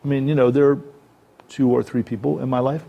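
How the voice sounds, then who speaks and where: A man's voice: medium pitch, fairly even intonation, a little fast, vocal fry, warm tone. A man giving a talk on acting, speaking conversationally and checking in with his listeners. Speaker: acting coach. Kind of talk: workshop talk. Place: presentation room.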